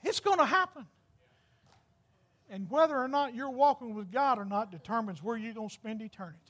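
A man's voice: extremely high pitch, fairly quick, fairly bright tone. A man preaching a folksy, exclamatory storytelling sermon, laughing at his own jokes.

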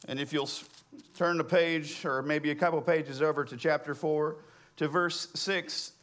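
Pastor preaching with a higher voice. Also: male voice, steady tone, measured pace. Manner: tells a joke story, acting out voices with rising pitch; quiet, lowered voice in prayer. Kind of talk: sermon.

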